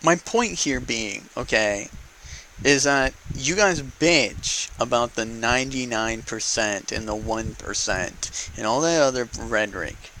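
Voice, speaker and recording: A man vents his frustration straight into the camera in an unedited, profane political rant. His voice is bright and forceful, and he drives each point home by repeating it. A faint hiss sits under the recording. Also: mid-range voice, expressive, a little slow, low-quality recording. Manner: heated, profane, repeats for emphasis. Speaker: vlogger.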